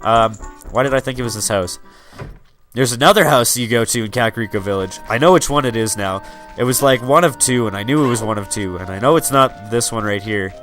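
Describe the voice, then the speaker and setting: A man's voice: mid-range voice, brisk, a bit bright, soft background music. A young man rambling and joking through a game in casual gameplay commentary. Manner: rambling, joking, many fillers. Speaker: let's player.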